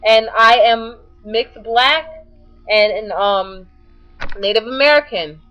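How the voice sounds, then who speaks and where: A woman's voice: on the high side, slow, a bit bright, highs cut off, soft background music. A woman speaking her mind in a casual vlog, outspoken and passionate. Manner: outspoken and passionate, building to heated. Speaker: vlogger.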